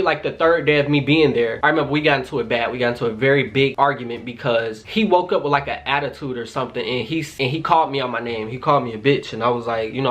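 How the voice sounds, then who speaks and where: Young man telling a wild storytime. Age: 20s. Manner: animated, slangy storytelling that jumps to high-pitched exclamations; addresses the audience directly, often as "y'all". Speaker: storytelling vlogger. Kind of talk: casual storytime.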